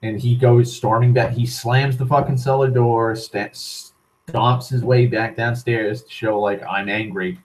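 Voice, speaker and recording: A young man, the channel host, tells a long story in a casual, rambling monologue, swearing freely and filling it with "like" and restarts. His voice is medium-pitched and steady in tone, and he speaks unhurriedly. The recording quality is low.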